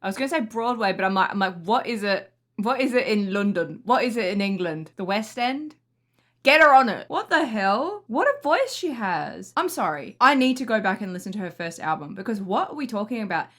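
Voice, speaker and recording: A young woman hosting a music reaction video, excitable and gushing, often breaking into laughter. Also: medium pitch, a little fast. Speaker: music reaction channel host. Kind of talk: casual reaction commentary.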